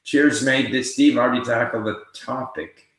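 Bright-voiced man in an echoey room. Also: medium pitch, fairly even intonation, moderate pace. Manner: reads viewer questions aloud and answers conversationally. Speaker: livestream host answering viewer questions. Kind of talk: casual livestream Q&A.

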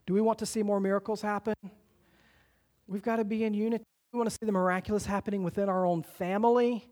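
A middle-aged pastor delivering a sermon, stretching out quoted scripture slowly and rushing through his calls to unity. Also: sits high, a little mellow. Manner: emphatic preacher, slows for quoted scripture, speeds up for exhortations.

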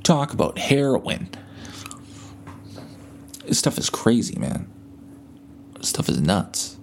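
Male podcaster, gravelly and laid-back, rambling and profane, buzzed from painkillers and bedridden at home. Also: medium pitch, big pitch swings, takes it slowly, slight background noise. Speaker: podcast host. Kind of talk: casual solo podcast storytelling.

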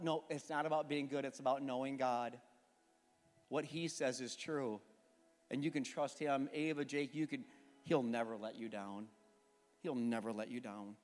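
A man preaching a sermon and praying, a fervent pastor who builds to impassioned emphasis. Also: medium pitch. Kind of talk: sermon and closing prayer. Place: church sanctuary. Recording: long church reverb with faint music.

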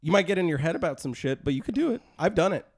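A man's voice: fairly high pitch, lively intonation, rapid-fire, dry recording. A man hosting a podcast in casual chat, rambling with many fillers and trailing off. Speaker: podcast host.

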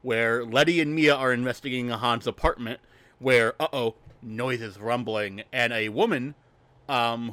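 A man's voice: medium pitch, pushed and bright, dry recording. A man co-hosting a podcast stream, recapping a film in a rambling, jokey way with many fillers. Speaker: podcast co-host. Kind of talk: casual movie recap chat.

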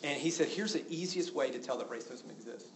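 A man preaching a sermon as a pastor, getting loud and exclaiming when indignant. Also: fairly quick. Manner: animated, exclaiming with rising pitch when indignant. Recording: roomy with faint background noise.

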